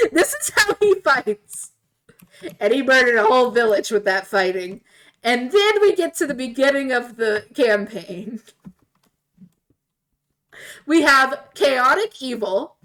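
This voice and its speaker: Animated woman streamer telling a story. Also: fairly high pitch. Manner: animated, laughing, voices quoted characters. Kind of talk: casual storytelling while gaming.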